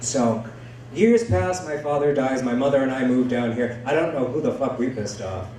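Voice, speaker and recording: On a comedy club stage before a live audience, a man with a mid-range, darkish voice talks at normal speed through a crude, self-deprecating stand-up set. The recording is distant and roomy, carrying a bit of hiss or hum.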